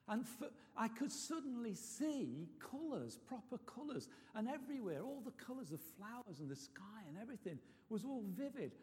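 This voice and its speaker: A man's voice: very high-pitched, big pitch swings, normal speed, few pauses, darkish tone. A man preaching a sermon, telling a personal story in a chatty way with many restarts. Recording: long reverb of a hall.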